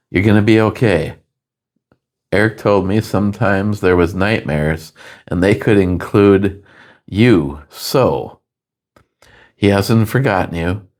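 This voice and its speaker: A man co-hosting a beer review stream, chatting casually and joking while he reads viewer comments aloud. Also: low voice. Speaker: beer review co-host reading chat comments. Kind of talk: casual chat.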